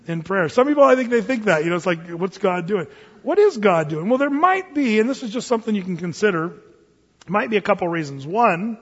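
In a dull, lo-fi recording echoing with a big hall's long reverb, a male pastor in his forties gives a spirited sermon. His high, husky voice shifts into playful impressions whenever he quotes someone in his everyday stories.

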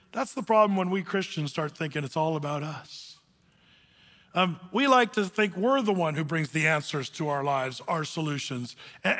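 A male pastor preaching a lively, humorous sermon in a folksy storytelling manner, in a hall with long reverb. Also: a little high.

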